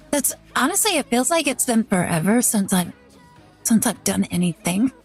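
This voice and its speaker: A young woman hosting a live stream, chatting to her viewers in a loose, rambling way and leaning on "like" constantly. Her voice sits high. Soft music plays faintly behind her. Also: sing-song, measured pace. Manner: rambling, chatty, heavy use of "like". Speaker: VTuber streamer. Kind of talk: casual live-stream chat.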